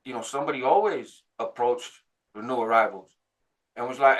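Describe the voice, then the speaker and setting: A man in his forties casually telling a story about his past, jumping higher in pitch when he acts out what others said. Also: normal speed, long pauses. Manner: animated, jumps higher when quoting others; laughs between phrases, frequent "right?". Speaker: channel host recounting prison life.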